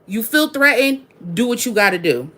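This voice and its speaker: Frustrated woman with a bright voice. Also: on the high side, sing-song, moderate pace. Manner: frustrated, emphatic, repeats herself. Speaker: mother, vlogger. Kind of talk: venting to camera.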